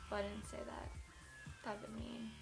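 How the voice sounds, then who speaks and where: A woman's voice: fairly high pitch, level tone, moderate pace, soft background music. A young American woman in a casual vlog, telling a story in a rambling, self-mocking way, full of "like". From United States. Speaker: vlogger.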